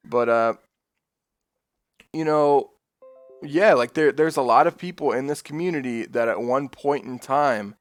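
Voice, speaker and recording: Male streamer, casual chat, excitable swearing storyteller, dry mic. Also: mid-range voice, gravelly, no echo.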